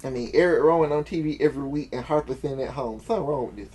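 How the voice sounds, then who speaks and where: A man co-hosting a casual podcast, telling stories with an animated, rambling manner. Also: mid-range voice, rapid-fire, husky. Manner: animated storyteller, trails off and restarts. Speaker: podcast co-host. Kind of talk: casual chat.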